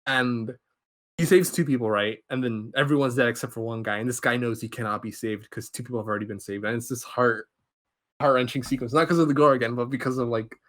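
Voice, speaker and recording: A man hosts a podcast and retells a film plot in a loose, rambling flow. He swears in passing and keeps restarting his sentences, like someone caught up in the story. His voice sits at a middling pitch for a man. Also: fairly even intonation, quick pace, a bit bright. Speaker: podcast host. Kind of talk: casual film plot recap.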